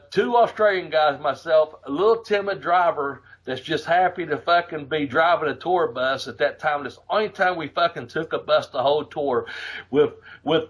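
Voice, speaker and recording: A man hosting a podcast, telling a road story in a casual, profane, animated way, laughing as he goes. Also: fairly high pitch, breathy edge. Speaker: podcast host.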